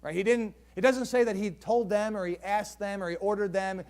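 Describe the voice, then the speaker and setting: A man's voice: sits high, steady tone, a little fast, darkish tone. A male pastor preaching a sermon in a conversational way, asking the congregation rhetorical questions.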